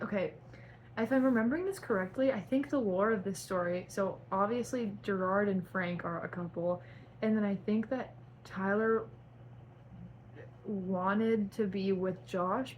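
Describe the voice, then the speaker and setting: Young woman reading her cringey fanfic out loud, over the top, bit of hiss behind. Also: mid-range voice, low-quality recording. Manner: melodramatic, breaks off to laugh and cringe at her own writing. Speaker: YouTuber reading her own fan fiction. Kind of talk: dramatic reading with asides.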